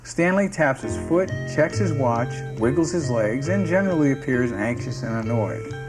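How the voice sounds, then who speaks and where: A man reads stage directions aloud as scripted narration, keeping a steady, descriptive delivery. His pitch sits mid-range but moves with a lively lilt. Music plays clearly underneath him. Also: moderate pace.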